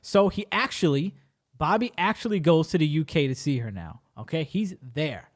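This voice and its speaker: A man with a somewhat high voice spins a long story in casual podcast talk. He is animated and slangy, and he swears freely. The delivery stays loose and conversational. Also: moderate pace. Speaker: podcast co-host.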